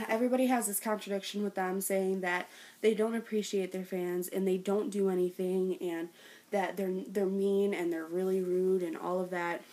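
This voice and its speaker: A woman's voice: mid-range voice, mellow. Gushing young woman vlogger. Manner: gushing, breathless, lots of "like" and "oh my God"; bursts into giggles when retelling. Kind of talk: excited storytelling vlog.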